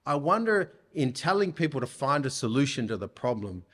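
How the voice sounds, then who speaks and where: A man preaching a sermon in church, speaking deliberately and putting rhetorical questions to his listeners. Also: mid-range voice, sing-song, a bit bright.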